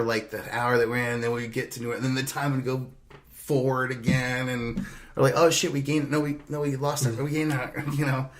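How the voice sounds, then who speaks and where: A young adult man telling a long, rambling, profane road-trip story on a podcast, laughing as he goes. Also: fairly low pitch. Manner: rambling, profane, laughs through his anecdotes. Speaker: podcast host. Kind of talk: casual storytelling.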